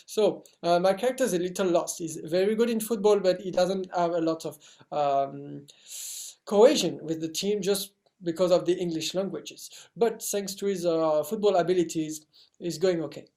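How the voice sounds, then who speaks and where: A young man speaking English with a French accent, his voice a little raised in pitch and carrying a gravelly edge. He answers casual interview questions, pausing often and restarting his phrases. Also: dark tone. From France. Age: young adult. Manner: hesitant, many fillers and restarts. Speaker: actor guest.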